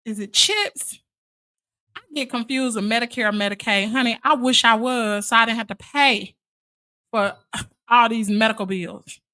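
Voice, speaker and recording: A high-voiced woman chats to her live viewers in a sassy, familiar way. Her tone is bright and sharp, and her voice sounds dry and close with no room around it. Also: measured pace, clear, resonant tone, no room sound. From Mississippi, USA. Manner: chatty and sassy, calls viewers "child" and "honey". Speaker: live stream host. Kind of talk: casual live chat with viewers.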